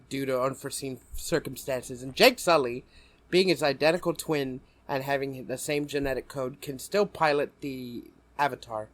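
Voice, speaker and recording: A man's voice: mid-range voice, fairly bright tone. Young male podcast co-host, loose and rambling, laughs often. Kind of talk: casual chat.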